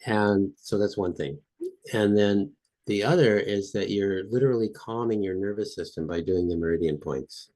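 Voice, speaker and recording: A man's voice: fairly low pitch, normal speed, darkish tone. A man guest on a podcast interview, explaining and demonstrating a technique with repeated phrases. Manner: repetitive, demonstrative, chanting phrases with rising intensity. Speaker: guest expert.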